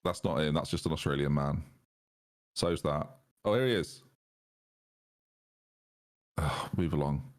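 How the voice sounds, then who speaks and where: A man's voice: rumbling low, unhurried, long pauses. A man hosting a game stream, chatting casually and teasing his friends over voice chat. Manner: teasing, jokey. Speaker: streamer host.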